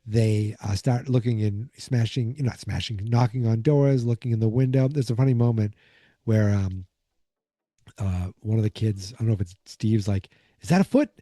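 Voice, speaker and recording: Sleepy man with a very dark voice. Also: on the low side, fairly even intonation, normal speed, dry recording, clean studio sound. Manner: rambling, lots of fillers and asides. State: sleepy, fighting off yawns. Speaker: podcast host. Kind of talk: casual episode recap.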